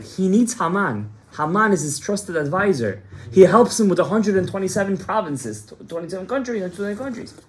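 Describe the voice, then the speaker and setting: A man's voice: high-pitched, fairly bright tone. A rabbi teaching a Torah class. He retells the story with quoted dialogue and Hebrew terms, and keeps asking the audience questions that he answers himself.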